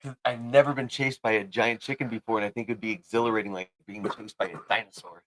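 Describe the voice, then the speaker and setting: A man's voice: on the low side, steady tone, fast, no room sound. Easygoing male podcast co-host. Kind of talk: casual chat.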